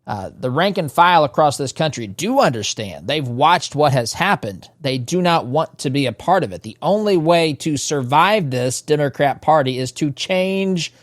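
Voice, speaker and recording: A man's voice: a little high, lively intonation, moderate pace, few pauses, no room sound, studio quality. A male radio talk show host delivering an emphatic political monologue, repeating phrases and speaking straight to his listeners. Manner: emphatic, repetitive addresses to listeners.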